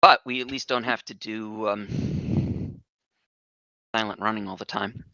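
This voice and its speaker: Low bright-toned man on voice chat. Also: fairly even intonation, unhurried, creaky, dry recording, dull audio. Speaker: engineering officer in online roleplay. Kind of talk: casual voice-chat roleplay.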